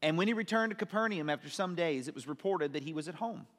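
A man's voice: fairly high pitch, lively intonation, quick pace, fairly bright tone, in a large hall. A man teaching a sermon, reading scripture aloud and explaining it with questions to his listeners. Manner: explains and asks questions, reads verses aloud. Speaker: preacher.

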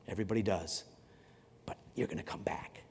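A man's voice: sits low, fairly quick, a little mellow, husky. A man preaching a sermon in a conversational way, often repeating words and acting out stories. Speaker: pastor. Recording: long hall reverb.

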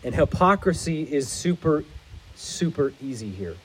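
A man's voice: a little high, sing-song, measured pace, slight background noise, low-quality recording. A man preaching a sermon as pastor, in an earnest, explanatory manner.

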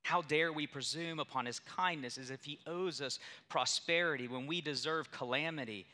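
Young male pastor, very bright tone, emphatic storytelling sermon delivery. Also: a little high, normal speed. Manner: storytelling, emphatic with rising intensity.

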